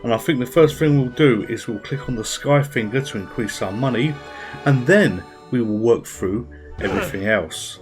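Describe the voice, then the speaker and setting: A gaming channel host chats casually at his PC while playing a game, thinking aloud and tossing in little asides. His mid-range voice moves at normal speed, with soft music in the background.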